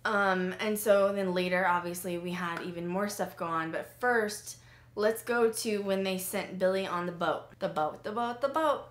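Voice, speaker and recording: A woman's voice: on the low side, a little slow. Chatty woman host in an echoey room. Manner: chatty, animated storytelling with many fillers. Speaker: host of a paranormal podcast. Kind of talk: casual chat reviewing a show.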